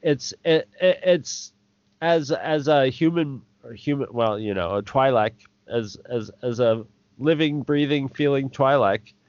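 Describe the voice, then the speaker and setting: A man's voice: mid-range voice, darkish tone, dry recording. A man co-hosting a podcast, chatting casually and stopping and restarting his sentences. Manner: halting, restarts a lot. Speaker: podcast co-host. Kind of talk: casual chat. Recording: dry, dull lo-fi audio.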